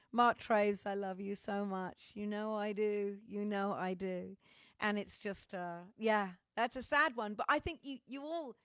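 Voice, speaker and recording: A woman's voice: mid-range voice, fairly bright tone, dry recording, clean studio sound. A middle-aged woman with a Welsh accent, a musician chatting candidly to live viewers, swearing freely and often restarting her sentences. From Wales. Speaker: musician hosting a livestream. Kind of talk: casual chat to live viewers.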